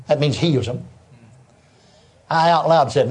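Animated older preacher. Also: male voice, on the high side, fairly quick, husky. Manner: animated storytelling with repetitions and laughs. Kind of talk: sermon.

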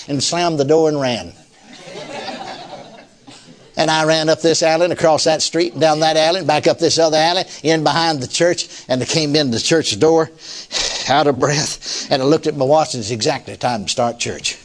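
Older preacher, high-pitched, folksy storyteller who chuckles a lot. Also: male voice, normal speed. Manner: folksy, chuckling often, fillers like "you see". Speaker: pastor. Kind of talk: sermon storytelling.

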